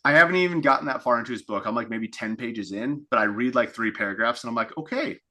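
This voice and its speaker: Guy coaching on a call, kinda rambly, keeps restarting and repeating, voicing people's inner thoughts, bright voice. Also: medium pitch, quick pace. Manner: reflective, repeats phrases, thinks aloud with restarts; acts out inner thoughts in quotes. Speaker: fitness coach.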